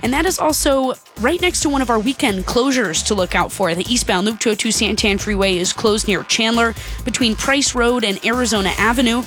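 A woman's voice: on the high side, brisk, soft background music. Woman reading radio news. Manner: crisp, steady newsreader delivery. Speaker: news and traffic reporter.

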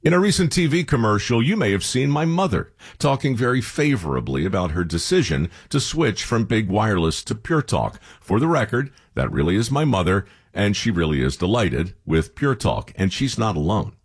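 A man's voice: on the low side, sing-song, normal speed, hardly any pauses, slightly rough. A man reading a radio ad in a folksy, emphatic style. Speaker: ad spokesman. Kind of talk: scripted radio ad read.

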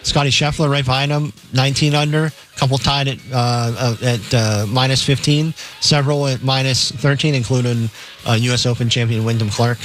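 Man reading sports odds, even middle voice, just the facts. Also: medium pitch, moderate pace. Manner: plain, matter-of-fact listing. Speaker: sports radio co-host reading the lines. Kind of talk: reading betting lines.

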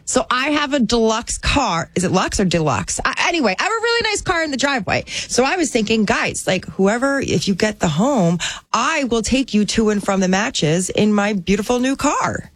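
A woman's voice: fairly high pitch, big pitch swings, normal speed, no echo. A woman in casual chat, playful and laughing as she tells a story. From New Jersey area.

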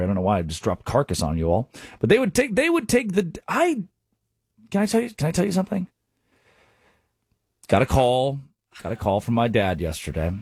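A young adult man hosting a sports radio show, telling rambling stories in an animated monologue. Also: on the low side, slightly rough, no room sound, studio quality.

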